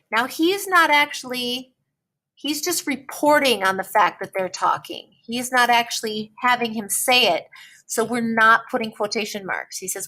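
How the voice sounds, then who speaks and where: A woman teacher walks through a writing lesson at an unhurried, deliberate pace. Her voice sits a little on the high side. She keeps pausing to check in with her students. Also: sharp tone. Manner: slow, patient explaining with frequent "okay?" check-ins.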